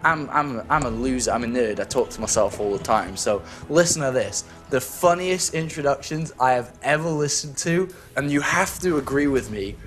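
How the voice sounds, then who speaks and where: A man's voice: medium pitch, expressive, normal speed, hardly any pauses, a bit bright, soft background music. A man casting a video game match, playful and chatty, poking fun at himself. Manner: playful, self-mocking, chatty. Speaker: esports caster. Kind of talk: casual game commentary.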